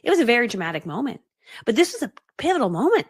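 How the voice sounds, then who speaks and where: A woman business coach telling her story live to an online audience, fast-talking and animated, acting out voices as she goes. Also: on the high side, husky, dry recording, clean studio sound. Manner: laughs often mid-story.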